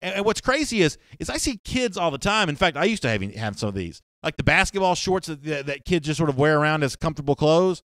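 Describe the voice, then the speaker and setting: A man's voice: on the high side, big pitch swings, fast, hardly any pauses, fairly bright tone, dry recording, studio quality. A man hosting a live sports talk show, chatting casually and reading viewer comments, rambling with restarts and fillers.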